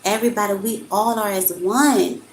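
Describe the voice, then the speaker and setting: Earnest card-reading woman with a gravelly voice. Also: medium pitch, normal speed, echoey room, a little hiss or hum, low-quality recording. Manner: earnest, addresses viewers as y'all. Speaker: spiritual card reader. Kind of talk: live-stream card reading and talk.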